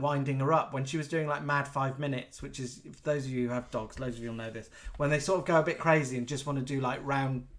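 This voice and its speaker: Giggly guy chatting on a live show, bit high voice. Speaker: co-host of a live chat show. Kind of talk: casual chat.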